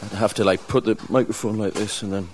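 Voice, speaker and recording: Deep male band member with a northeast English accent; halting, anecdotal delivery. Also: steady tone, slight background noise. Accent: Mackem, northeast English. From northeast England. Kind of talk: casual interview chat.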